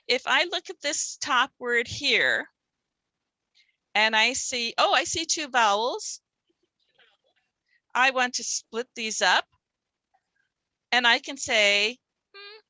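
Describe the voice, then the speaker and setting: A woman giving a workshop for literacy teachers, sounding out words slowly as she demonstrates. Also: on the high side, sharp tone, no room sound. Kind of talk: workshop presentation.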